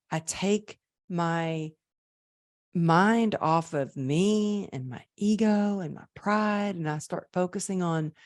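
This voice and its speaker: A woman guest on a podcast, telling personal stories in a lively conversational way. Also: on the low side, no echo, studio quality. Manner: lively, acts out quoted voices. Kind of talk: conversational storytelling.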